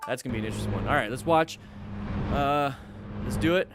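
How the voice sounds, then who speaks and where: A man's voice: medium pitch, quick pace, loud music behind the voice. A man teaching a live-streamed motorcycle class, joking with viewers and coaching in an upbeat way. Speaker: motorcycle riding instructor. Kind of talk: live-streamed class reviewing riding videos.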